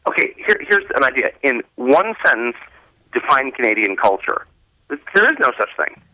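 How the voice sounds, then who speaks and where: A man in his thirties talks on a radio show in loose, casual banter. His pitch swings a lot and his tone is bright and forward. The sound is dry, with no room around it. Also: normal speed, no room sound. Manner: animated, voice jumps high when mocking. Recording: call-in phone line.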